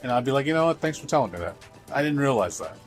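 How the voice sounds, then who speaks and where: A man's voice: mid-range voice, big pitch swings, rapid-fire, soft background music. A man streaming live, chatting casually and rambling bluntly about how he handles people, with plenty of swearing. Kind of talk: casual livestream chat.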